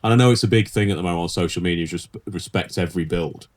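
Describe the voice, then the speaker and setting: A man's voice: sits low, fast, a little mellow. A man co-hosting a casual podcast chat, rambling and laughing easily as he tells stories. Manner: rambling, laughs often, restarts. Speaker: podcast co-host, pinstriper.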